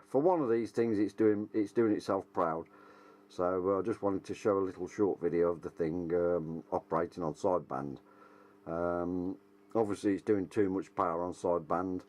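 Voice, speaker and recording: Man, radio hobbyist, easygoing chat, lower register. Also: moderate pace, darkish tone. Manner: chatty, jokey, self-deprecating. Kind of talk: casual chat over radio and to camera.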